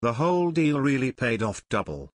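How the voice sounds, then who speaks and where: A man's voice: mid-range voice, very animated, moderate pace, no echo. A man voicing a cocky male former guard who sneers and snaps at others, in an audiobook reading. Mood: sneering. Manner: sneering, snappish. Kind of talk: audiobook narration.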